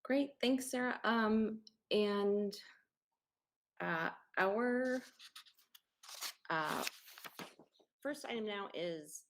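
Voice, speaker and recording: Female council chair, steady mid voice, halting delivery. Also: mid-range voice, slight background noise. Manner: hesitant, many filler sounds. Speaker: meeting chair.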